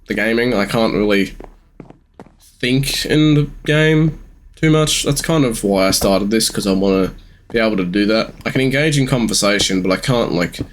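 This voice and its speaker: An eighteen-year-old Australian man rambling through casual gameplay commentary with halting ums, sounding sleepy. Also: on the low side, a little hiss or hum. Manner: rambling, halting, many ums, sometimes swears. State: sleepy, yawning. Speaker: gamer streamer.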